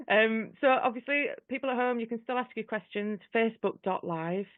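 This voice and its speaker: A man's voice: very high voice, moderate pace, no echo. Male host on a tinny, dry call line. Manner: brief affirming interjections. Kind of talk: live online interview.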